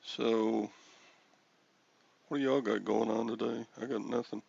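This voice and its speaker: A man's voice: lowish voice, steady tone, unhurried, vocal fry, a little mellow, breathy edge. A man in his sixties hosting a live stream in casual, rambling chat with an easygoing manner, on a dull lo-fi home recording.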